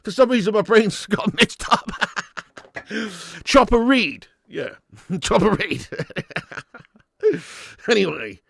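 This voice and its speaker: A man hosting a live football watch-along, who shouts at the big moments and laughs a lot between them. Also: high-pitched, takes it slowly, vocal fry, long pauses, husky, dry recording, clean studio sound. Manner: excitable, shouts at goals, laughs often.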